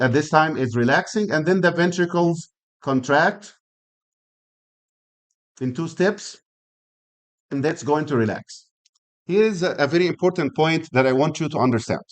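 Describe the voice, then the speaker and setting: A man with a slightly higher-pitched voice gives a classroom lecture on anatomy. He keeps asking the class rhetorical questions, repeats himself as he works through an idea, and demonstrates points with his own body. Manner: explains by rhetorical questions, repeats and restarts phrases; uses physical demonstrations while explaining. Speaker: anatomy and physiology instructor.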